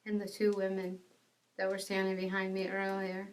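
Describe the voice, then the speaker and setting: A woman telling a personal faith testimony, in an earnest, animated storytelling manner. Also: mid-range voice, moderate pace, far from the mic, slight background noise. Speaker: ministry speaker.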